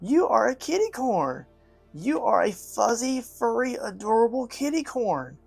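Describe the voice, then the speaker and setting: A man voicing a small eager kitten who believes she is a unicorn, with squeaky, shrill, excitable cries in a storybook reading. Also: unhurried, vocal fry, slightly rough, soft background music, full character voice. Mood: wondering.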